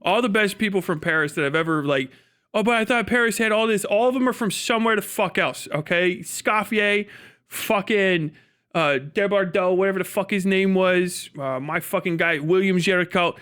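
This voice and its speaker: A man's voice: high-pitched, moderate pace, fairly bright tone, clear, resonant tone. A man streaming live, chatting casually and ranting with heavy swearing and frequent laughs. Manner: profane, ranting, laughs often. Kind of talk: casual livestream chat.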